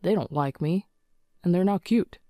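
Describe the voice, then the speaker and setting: A woman's voice: fairly low pitch, normal speed, mellow, dry recording, clean studio sound, lightly acted. A woman voicing a cold, dismissive husband who wants a son, with a curt and scornful delivery in a storybook narration. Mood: contemptuous.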